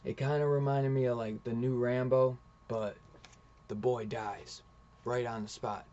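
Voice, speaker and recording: A man's voice: medium pitch, fairly even intonation, measured pace, mellow, highs cut off. A man casually reviewing a comic book, rambling through the story and retelling it with lots of "he's like" quotes.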